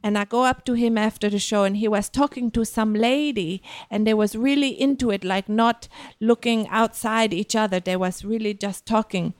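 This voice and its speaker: A woman with a fairly high voice tells a story in a casual podcast chat, animated and bouncing between acted-out voices. Her grammar slips now and then in a non-native way. The sound is dry and close. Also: normal speed, few pauses, no echo. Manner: animated, acts out quoted voices with big pitch jumps. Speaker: podcast co-host.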